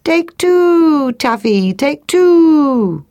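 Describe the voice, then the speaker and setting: A woman voicing a silly turtle dove that repeats a high sing-song cry. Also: sing-song, very slow, warm tone, no echo, heavily acted. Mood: cooing.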